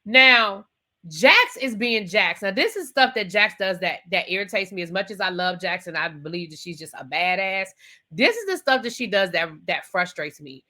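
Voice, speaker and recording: A woman's voice: medium pitch, very animated, moderate pace, pushed and bright. A woman giving a chatty, opinionated recap of a TV episode, talking straight to her viewers. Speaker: TV show reviewer. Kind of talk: casual spoken recap and commentary.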